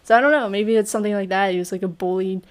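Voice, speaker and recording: An animated woman on a casual film podcast. She talks at a middle pitch and keeps slipping into little acted-out quotes as she reacts. The delivery stays chatty and lively. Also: racing, smooth. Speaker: podcast co-host. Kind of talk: casual film review chat.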